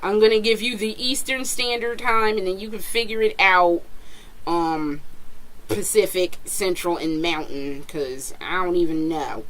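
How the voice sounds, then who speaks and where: Bright-voiced woman ranting with excitement. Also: lowish voice, a little slow. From Florida. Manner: profane, slangy, bursts into screams of excitement. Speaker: gaming vlogger. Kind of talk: excited casual vlog rant. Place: at home.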